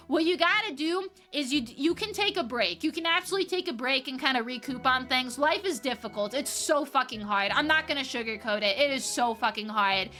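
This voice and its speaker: A young woman streamer with a high, bright voice. She chats casually with her viewers, swears freely, reads their messages aloud and answers them with lots of energy. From Upper Peninsula of Michigan, US. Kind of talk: casual livestream chat with viewers.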